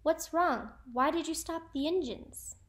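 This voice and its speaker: A fearful young schoolboy in a storybook, groaning and panicking. His voice runs high and whiny. A woman plays him. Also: lively intonation, moderate pace. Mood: anxious.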